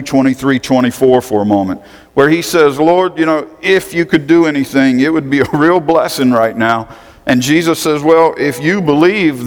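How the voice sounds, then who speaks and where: A man's voice: on the high side, big-room sound. A man preaching a sermon as a pastor, reading scripture and talking conversationally, asking the congregation questions.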